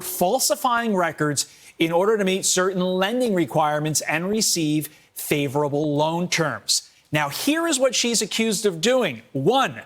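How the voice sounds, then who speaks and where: A man reporting on TV news in a measured, crisp broadcast delivery. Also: high voice, fairly bright tone.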